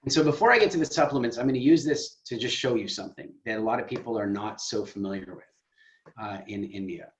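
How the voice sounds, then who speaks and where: A man hosting a group video call, coaching in an emphatic, teasing way that swings from loud to soft. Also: mid-range voice, quick pace. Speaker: program founder and call host. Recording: echoey room, dull lo-fi sound.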